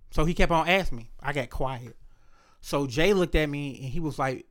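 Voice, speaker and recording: A man telling a personal story in a casual chat, blunt and profane, retelling events with animated, acted-out quotes. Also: fairly high pitch, moderate pace.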